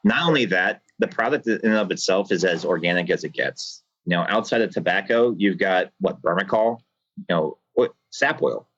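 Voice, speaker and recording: Deep husky man on a video call. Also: moderate pace, fairly bright tone. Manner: passionate, rambling, earnest. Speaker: cigar factory owner, podcast guest. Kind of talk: earnest reflective monologue. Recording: dull lo-fi video call audio.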